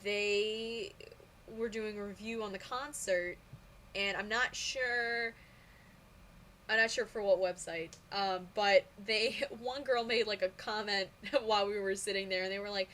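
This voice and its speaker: A young woman chats straight to camera, telling her story in a loose, rambling way. She gushes and gets excitable, and her speech is full of fillers. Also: mid-range voice, a little slow. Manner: excitable, gushing, lots of fillers. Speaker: vlogger. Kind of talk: casual storytelling vlog.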